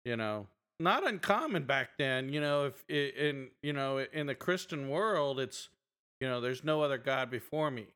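A man on a podcast who keeps the chat going with quick, agreeable replies. He turns lively and animated when he tells his own stories. His voice sits at an ordinary pitch for a man. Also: smooth. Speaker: podcast co-host. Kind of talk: casual chat.

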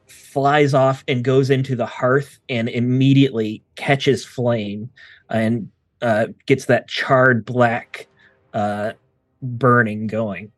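A man running a tabletop game as game master, narrating scenes in a relaxed way with frequent pauses. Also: mid-range voice, dry recording.

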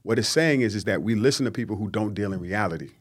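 A man, a guest on a podcast, talking in a lively, preachy way and mimicking people he quotes. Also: lowish voice, fast talker, husky. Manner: animated, preachy, acts out quotes in mocking voices. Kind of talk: casual podcast conversation.

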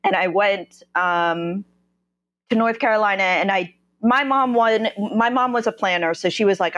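A New Jersey woman with a medium-pitched, slightly bright voice talks candidly about her life as a podcast guest. She speaks haltingly, frequently pausing and starting over as she searches for words.

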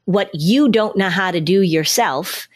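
A woman's voice: fairly low pitch, a little slow. A middle-aged woman, a former social worker, explaining parenting with acted-out examples of parents and children. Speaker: parenting expert guest. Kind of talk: conversational advice.

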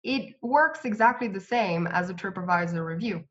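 A woman recruiter answering interview questions in a measured, explanatory way. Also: mid-range voice, animated, a bit bright. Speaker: recruiter guest. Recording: slightly dull lo-fi audio.

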